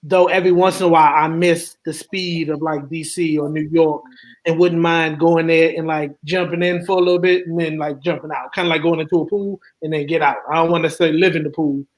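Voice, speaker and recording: A man's voice: a little high, level tone, quick pace, poor audio. A laid-back man from the US East Coast, chatting casually as a roundtable guest in a slangy, rambling way. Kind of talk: casual chat.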